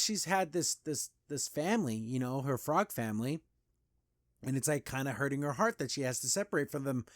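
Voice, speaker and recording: A podcast host with a slightly high, somewhat mellow voice loosely recaps a cartoon episode, constantly saying "like" and restarting sentences. The sound is studio quality with no room sound.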